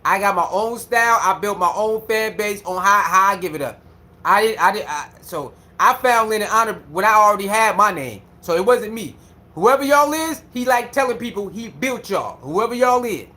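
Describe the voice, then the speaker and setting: A man with speech giving a casual, animated commentary rant, repeating himself and mocking others. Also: high-pitched, moderate pace. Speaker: commentary streamer.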